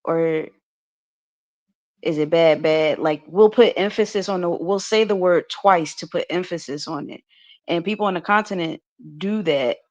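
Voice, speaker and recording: A woman's voice: on the low side, normal speed, lo-fi sound. An American woman co-hosting a podcast, chatting casually, full of "like" fillers and restarts and laughing easily. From United States. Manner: talkative, many restarts and "like" fillers, laughs often. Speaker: podcast co-host.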